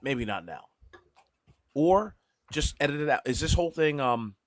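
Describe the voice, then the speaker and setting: A man co-hosting a casual podcast, giving measured opinions while eating. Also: on the high side, animated, no echo. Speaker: podcast co-host. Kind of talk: casual chat.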